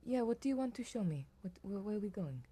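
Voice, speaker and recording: A woman's voice: medium pitch, very animated, fast talker, dark tone, breathy edge. A woman voicing a devoted, anxious middle-aged uncle who talks earnestly and keeps repeating his reassurances. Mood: uneasy.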